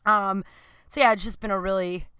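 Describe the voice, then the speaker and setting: A woman's voice: medium pitch, fairly even intonation, normal speed, bright, forceful tone, clear, resonant tone, dry recording. A woman in her thirties hosting a podcast, talking candidly and rambling, swearing freely, with a sore throat. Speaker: podcast host. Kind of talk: casual chat. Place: Los Angeles.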